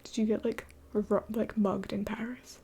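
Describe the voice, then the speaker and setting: A woman's voice: medium pitch, little pitch movement, moderate pace, mellow, slight background noise. A young adult woman streaming live late at night, mostly whispering as she answers chat in a blunt, swearing way.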